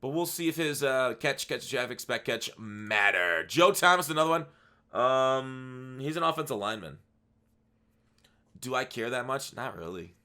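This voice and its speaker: A man's voice: mid-range voice, expressive, normal speed, sharp tone, clean tone. A tired man giving casual, rambling commentary on a video game, with frequent restarts and asides. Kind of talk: casual commentary over gameplay.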